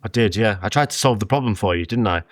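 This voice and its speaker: A man's voice: fairly low pitch, fast talker, no room sound. A man co-hosting a podcast in casual chat, joking freely and cursing offhandedly. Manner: joking, animated, casual swearing. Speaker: podcast co-host.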